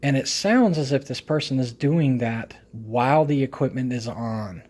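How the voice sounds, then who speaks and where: A man talking straight to camera in a casual video review. He lectures emphatically, pressing his points home and tagging them with a questioning "okay?" His pitch sits right in the middle for a man. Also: animated, normal speed, a little mellow. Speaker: product reviewer.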